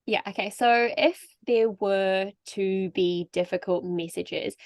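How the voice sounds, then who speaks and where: An Australian woman co-hosts a podcast chat. She is eager and laughs often, and her questions come out in halting pieces. Her voice sounds dry, with no room echo. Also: mid-range voice, fairly even intonation, a little mellow. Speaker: podcast co-host.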